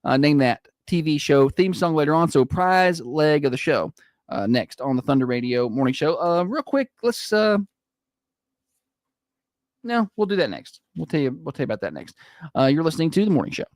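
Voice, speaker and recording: A man co-hosting a morning radio show, chatting casually and joking with quick asides. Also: a little high, animated.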